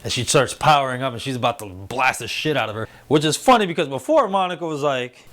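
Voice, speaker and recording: A man hosting a casual spoiler review show, excitedly retelling scenes and acting out the characters' lines. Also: medium pitch, quick pace, hardly any pauses. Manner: excitable, animated retelling with quoted voices. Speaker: show host reviewing a TV series.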